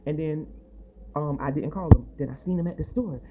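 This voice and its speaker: A woman's voice: low voice, a little fast. Rambling half-whispered woman on a phone. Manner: rambling, chatty, animated, quotes others in her retelling. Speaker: vlogger sharing a personal testimony. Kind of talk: casual storytelling, half-whispered. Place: own apartment building. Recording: tinny phone-like audio with faint noise.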